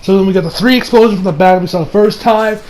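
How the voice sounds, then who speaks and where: A young man casually reviewing an anime episode, excitable and swearing, acting out scenes with sudden shouts. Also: high voice, quick pace, a little hiss or hum.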